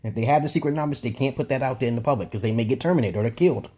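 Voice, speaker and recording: A man's voice: medium pitch, very fast, mellow. A man giving a rambling, profane opinion monologue as a vlogger, emphatic and often checking "okay?" with his listeners. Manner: repeats and restarts phrases.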